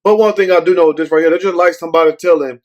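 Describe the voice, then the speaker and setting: A man's voice: on the high side, steady tone, racing, muffled recording. Rambling, profane male commentary host. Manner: rambling, repeats "but anyway"; blunt, profane. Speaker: show host. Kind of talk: casual commentary.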